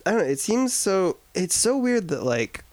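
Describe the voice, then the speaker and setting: A man's voice: high-pitched, very animated, moderate pace, darkish tone, no room sound. A man co-hosting a podcast, chatting casually about films, rambling and joking as he goes. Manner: rambling, joking, trails off into asides. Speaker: podcast co-host. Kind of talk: casual film discussion.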